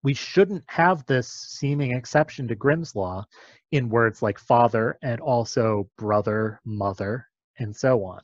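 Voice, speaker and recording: A man's voice: medium pitch, unhurried, no echo, highs cut off. A man explaining a topic step by step in a patient, methodical lecture.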